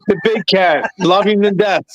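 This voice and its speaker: A man's voice: high-pitched, steady tone, normal speed, highs cut off. A man, co-hosting a casual chat about beer and sports, laid-back and casually profane. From South Jersey / Philadelphia area. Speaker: co-host.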